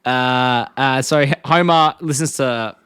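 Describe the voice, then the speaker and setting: A man's voice: mid-range voice, unhurried, fairly bright tone, clean tone, dry recording, studio quality. A tipsy man, co-hosting a podcast in casual chat, laughing as he retells scenes and quotes lines. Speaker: podcast co-host.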